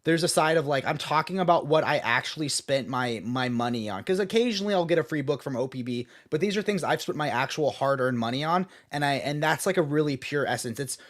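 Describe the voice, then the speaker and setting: A man's voice: fairly high pitch, quick pace, hardly any pauses. A man co-hosting a casual comics talk show, chatty with many fillers and frequent laughs. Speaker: podcast host. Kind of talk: casual chat about comics.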